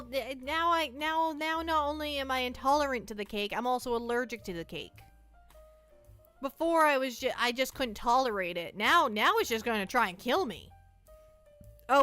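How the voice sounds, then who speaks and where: Young woman, streamer, chatty and self-mocking, bright smooth voice, soft music behind. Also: on the high side. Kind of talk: casual livestream chat.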